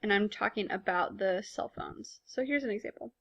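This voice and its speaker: A woman's voice: mid-range voice, normal speed, lo-fi sound. A woman teaching a recorded language lesson in a patient, explanatory way, speaking with casual fillers. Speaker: Spanish teacher.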